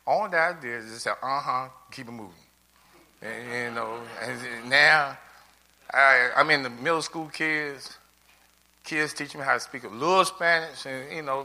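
A middle-aged man, an adult learner, gives an earnest and tearful testimonial, rambling and restarting often. His mid-range voice has a sharp tone and moves at a normal speed.

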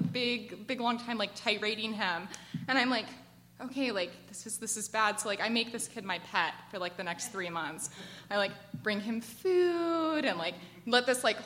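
Bright-voiced chatty young woman storyteller. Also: mid-range voice. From United States. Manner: chatty and animated, frequent "like" fillers, laughs as she tells it. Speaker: storyteller at a work event. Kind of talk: personal storytelling to a live audience.

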